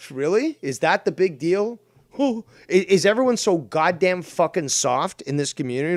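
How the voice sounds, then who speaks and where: A man holds forth as a podcast host in a heated, profane rant, rising into loud bursts and mocking other people's voices. His voice sits a bit high for a man. The recording is close and dry. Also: sing-song, a little fast, creaky, dry recording. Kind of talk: heated casual chat.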